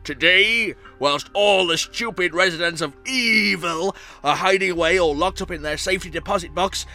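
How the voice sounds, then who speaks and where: A man's voice: high-pitched, normal speed, sharp tone, soft background music, heavily acted. A man voicing a mean, grumpy old male villain who hates everything, growling and snarling. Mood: gloating. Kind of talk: comic audio story acting.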